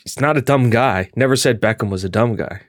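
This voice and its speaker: A man hosting a podcast, chatting in a rambling, animated way and laughing often. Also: medium pitch, fairly quick, no room sound, studio quality. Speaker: podcast host. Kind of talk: casual chat.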